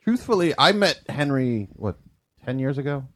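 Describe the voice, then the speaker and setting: Male podcast co-host, animated intonation, teasing and jokey. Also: medium pitch, normal speed. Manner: teasing, joking. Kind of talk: casual podcast banter.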